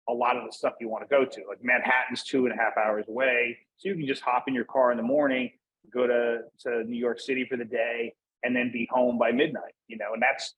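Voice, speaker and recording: A man's voice: medium pitch, a bit bright, a little hiss or hum, rough recording. A man from Northeast Pennsylvania, a guest in a casual interview, talking in a rambling way with many fillers and restarts. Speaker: podcast guest.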